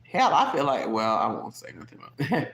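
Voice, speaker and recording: A talkative live-stream host with a soft Southern US accent, chatting loosely with viewers at a middling pitch. The voice keeps breaking into laughter and leaping upward in pitch. It rings in an echoey room. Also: huge pitch swings, normal speed, gravelly. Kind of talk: casual live-stream chat. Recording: roomy echo.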